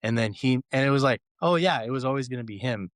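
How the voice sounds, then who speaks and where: A man's voice: medium pitch, lively intonation, quick pace, no echo, studio quality. A man co-hosting a casual podcast chat, telling stories animatedly and acting out quotes with laughs. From Los Angeles. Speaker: guest cohost.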